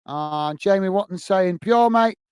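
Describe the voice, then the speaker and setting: A man's voice: high-pitched, unhurried, a little mellow, smooth, dry recording. A man hosting a football live stream, chatting casually and reading out viewer comments, often calling people mate. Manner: casual, says "mate" often, many fillers and restarts. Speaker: football channel host.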